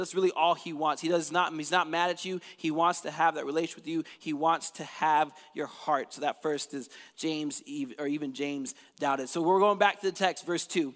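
Male pastor, casual energetic sermon, slightly high voice, lively delivery, long reverb of a church hall. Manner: casual, energetic, conversational preaching.

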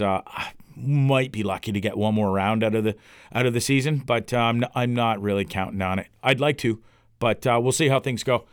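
A man's voice: fairly low pitch, clear, resonant tone, no echo, clean studio sound. A middle-aged man hosting a podcast, rambling and ranting with lots of swearing. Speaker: podcast host. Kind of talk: casual rambling monologue. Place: home recording for a podcast.

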